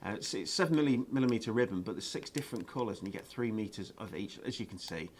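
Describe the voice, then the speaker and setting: A man's voice: on the low side, expressive, quick pace, a little hiss or hum. Chatty man selling craft supplies. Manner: chatty, enthusiastic, lots of fillers. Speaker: shopping channel presenter. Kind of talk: live shopping presentation.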